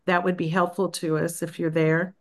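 A woman leading a group practice on a video call, speaking in a gentle, unhurried and encouraging way. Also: lowish voice, little pitch movement. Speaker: spiritual practice leader. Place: Florida.

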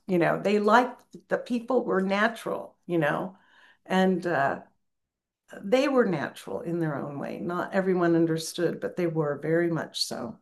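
Older woman, spiritual teacher, low-set voice, slow musing delivery. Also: creaky. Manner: slow, musing reading with asides and soft laughs. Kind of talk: reflective spiritual talk.

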